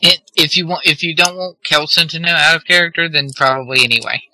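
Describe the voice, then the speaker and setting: A man acting as game master in a casual tabletop role-play session, calmly asking the players questions. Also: on the high side, quick pace, no echo, poor audio.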